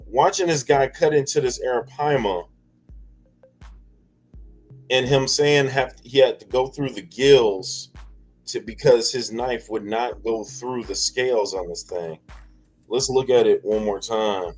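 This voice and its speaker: A man hosting a casual livestream chat, rambling and halting, with many fillers and restarts. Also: mid-range voice, darkish tone, soft background music, poor audio. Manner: chuckles often between lines. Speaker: livestream host.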